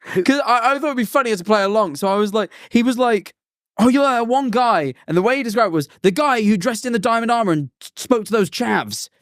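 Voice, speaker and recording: A young British man co-hosting a podcast, excitable and acting out quoted dialogue. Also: sits high, fast, dry recording, studio quality. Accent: British English. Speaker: podcast co-host. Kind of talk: casual podcast chat.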